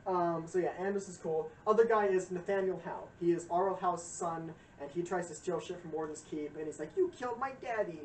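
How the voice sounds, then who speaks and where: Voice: medium pitch, steady tone, brisk, few pauses. Young adult streamer, rambling and profane, lots of fillers, roomy echo, distant mic, faint hiss. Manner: profane, rambling, frequent fillers and acted quotes. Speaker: streamer giving a game lore lecture. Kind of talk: casual rambling chat.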